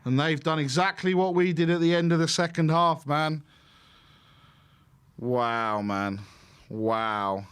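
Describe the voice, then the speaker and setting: A man hosts a live football watch-along stream in an excitable, exclaiming way. His voice sits a little high. He jumps between reacting to the match and reading out viewer messages. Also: slow, pauses often, clean tone.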